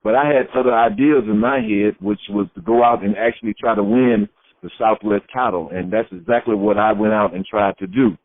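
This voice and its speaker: Middle-aged man, Florida-raised, retired wrestler, animated storyteller; tinny, dry phone-quality audio. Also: on the low side, fairly quick, no echo. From Florida, USA. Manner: lively storyteller who acts out quoted voices. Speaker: retired pro wrestler, interview guest. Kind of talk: storytelling shoot interview.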